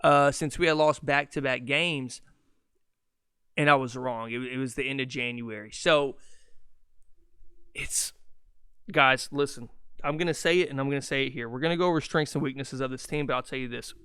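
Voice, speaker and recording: A man hosting a solo sports podcast, ranting in an excitable, fast and profane way. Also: mid-range voice, clean tone, dry recording, studio quality. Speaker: podcast host.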